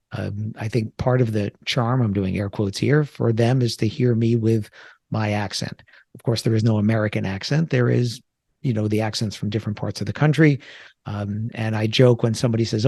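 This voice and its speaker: A man's voice: mid-range voice, vocal fry, darkish tone, husky, dry recording, clean studio sound. A man from the New York area hosting a solo podcast, talking in a conversational, reflective way with frequent filler words. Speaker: podcast host.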